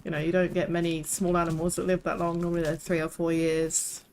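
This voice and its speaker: A woman's voice: on the low side, monotone, brisk, darkish tone, a little hiss or hum, poor audio. Chatty young woman streamer. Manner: chatty, rambling, swears casually. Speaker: game streamer. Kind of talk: casual chat while live-streaming a game.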